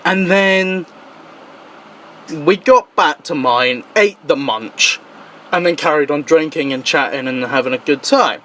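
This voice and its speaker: A young man telling a party story in casual chat, animated and swearing, his voice jumping high when he quotes himself. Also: unhurried, a little hiss or hum. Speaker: guest.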